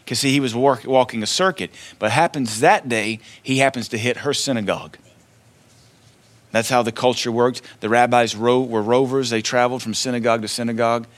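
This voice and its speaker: Male pastor, casual sermon delivery, mid-range voice, alternates soft asides with raised declarations. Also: medium pitch, fairly quick. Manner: conversational preaching, swings between loud declarations and quiet asides. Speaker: preacher. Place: church.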